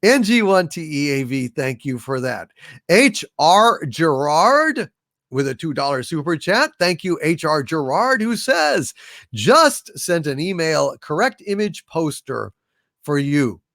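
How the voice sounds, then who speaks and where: Lively, animated male livestream host. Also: fairly high pitch, a little slow, creaky, no echo, clean studio sound. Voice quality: playful, self-mocking. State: tired. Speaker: livestream host reading super chats. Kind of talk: casual live-stream chat.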